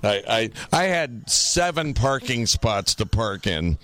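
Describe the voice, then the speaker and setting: A man's voice: lowish voice, very animated, slow pace, sharp tone, dry recording. A middle-aged man co-hosting a podcast, telling rambling, profane stories and laughing through them. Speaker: podcast co-host. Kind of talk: casual storytelling chat.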